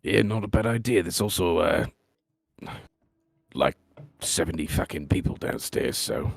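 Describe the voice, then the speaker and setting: Very deep gravelly man. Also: animated, unhurried, no room sound. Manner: swearing, blunt. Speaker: player. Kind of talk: playing a tabletop game.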